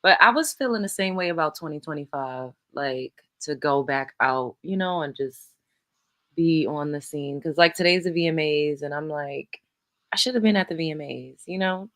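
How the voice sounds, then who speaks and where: Woman talking low and easy late at night, casual candid chat. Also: normal speed, fairly bright tone. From New York. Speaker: host.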